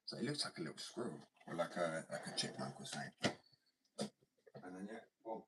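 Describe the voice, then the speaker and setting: A man's voice: extremely low pitch, animated, a little fast, pauses often, a bit bright. A young man rambling casually and swearing, often dropping to a whisper. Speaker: vlogger. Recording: far from mic, faint noise.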